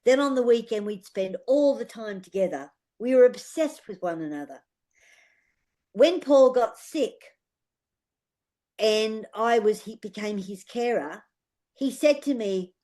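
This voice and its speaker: A woman's voice: fairly high pitch, animated, unhurried, dark tone. An older Australian woman, a guest healer, telling heartfelt personal stories in an interview, earnest and given to repeating her phrases.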